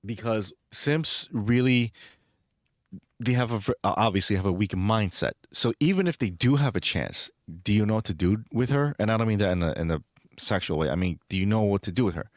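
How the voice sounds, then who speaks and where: Low-voiced man ranting on stream. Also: fairly quick, no room sound, clean studio sound. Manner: rambling, emphatic, repeats himself. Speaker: streamer host. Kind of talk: casual gaming stream commentary.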